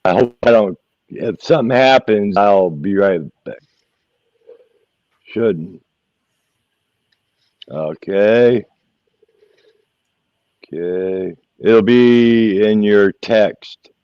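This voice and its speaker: Brief: low-voiced man, very slow and halting, dry lo-fi call sound. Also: darkish tone, no room sound. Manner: halting, hesitant. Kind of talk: casual chat.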